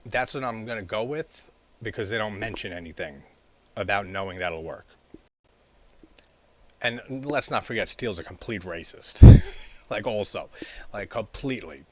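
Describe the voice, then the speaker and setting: A man's voice: fairly low pitch, moderate pace, pauses often, a bit bright. A man talking casually and rambling as he discusses a horror film, with many filler words and frequent chuckles. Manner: rambling, heavy use of "like", chuckles often. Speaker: horror movie reviewer.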